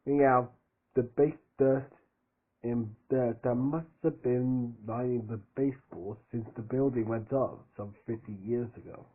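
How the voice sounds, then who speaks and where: A man's voice: medium pitch, steady tone, measured pace. A man reading a fan book aloud in a casual way, tripping over words, rereading his slips and adding his own asides. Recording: tinny phone-like sound.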